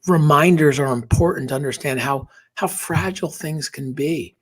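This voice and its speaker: A man's voice: fairly high pitch, moderate pace, breathy edge. A man guesting on a podcast, telling a personal story earnestly and emotionally, dropping to a whisper at tender moments.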